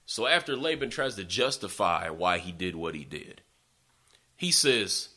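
A male preacher telling a story in a sermon, folksy and animated, often speaking straight to his listeners. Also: low-pitched, unhurried.

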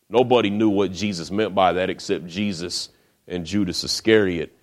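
A man's voice: on the low side, moderate pace. A man preaching a sermon, retelling a scripture story in a casual storytelling way with rhetorical questions.

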